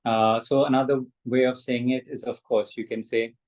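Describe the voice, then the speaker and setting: A man guiding a mantra meditation, soft-spoken, often checking in with "right?". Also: mid-range voice, level tone, moderate pace, rough recording. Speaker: meditation facilitator. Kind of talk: guided meditation and mantra teaching.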